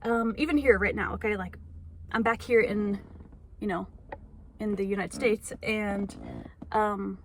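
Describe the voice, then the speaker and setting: In a mid-range voice at a moderate pace, a young woman vlogs casually from a parked car, speaking into her phone. She rambles, sounds self-conscious, and uses many fillers, with slight background noise present.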